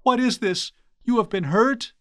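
A man reading aloud, voicing a distressed old priest in a high, anguished tone with a slow lament. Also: a bit bright, no room sound, studio quality. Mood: alarmed. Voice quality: pitched well above the reader's own voice.

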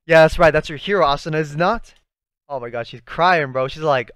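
A young man hosting a live anime reaction, talking excitedly to the screen in slangy, casual speech. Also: a little high, moderate pace, clean tone, dry recording, studio quality. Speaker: anime reaction channel host.

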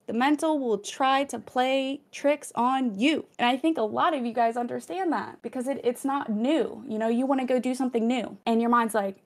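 Chatty woman with a gravelly edge. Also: fairly high pitch, moderate pace, few pauses. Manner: chatty, filler-heavy, acts out little quoted exchanges; encouraging, affirming. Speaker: host of a spiritual channel. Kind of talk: casual spiritual chat, reading viewer comments.

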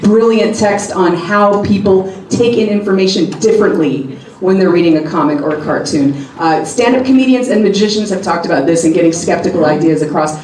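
A woman's voice: mid-range voice, brisk, darkish tone. Chatty woman on an echoey panel. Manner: chatty, laughs often, restarts phrases. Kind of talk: live panel discussion. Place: convention panel room. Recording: echoey hall, mic far off.

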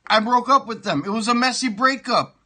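A middle-aged man rants on his comedy sports show, cursing and repeating himself while he chews. His voice is raised and piercingly bright, with a husky grain. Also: extremely high pitch, animated, fairly quick. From Toronto, Canada. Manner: profane, ranting, repeats himself; talks while eating pie. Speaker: show host. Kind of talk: comic sports rant.

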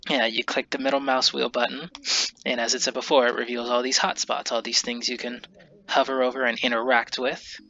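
A man with a runny nose giving casual game commentary, reading lines aloud in a halting, stumbling way. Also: mid-range voice, flat delivery, creaky, pushed and bright, dull audio. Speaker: gamer doing a let's play.

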